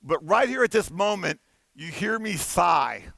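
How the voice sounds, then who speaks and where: A man on a conference stage tells a story, animated and playful, slipping into the voices of the people in it. His voice sits high and bright with a gravelly edge. The sound is dry and close. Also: a little slow, no echo. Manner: animated, playful, acts out dialogue. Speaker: conference keynote speaker.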